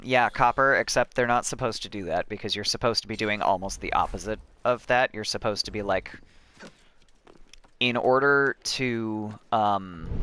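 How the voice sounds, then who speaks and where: A man streaming a game, chatting casually and thinking aloud with many pauses and ums. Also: fairly low pitch, bright, forceful tone. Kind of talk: casual live-stream chat.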